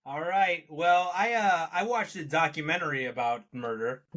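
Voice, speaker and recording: A man co-hosting a podcast, giving casual reviews with frequent laughs and lively asides. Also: fairly high pitch, moderate pace. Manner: animated, laughs often, mocks accents in quotes. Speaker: podcast co-host.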